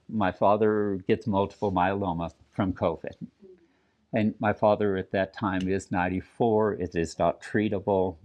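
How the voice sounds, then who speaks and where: A man's voice: lowish voice, creaky, darkish tone. Earnest older man telling a family story. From New Mexico. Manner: earnest, reflective, with pauses and restarts. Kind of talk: personal storytelling talk. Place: community event.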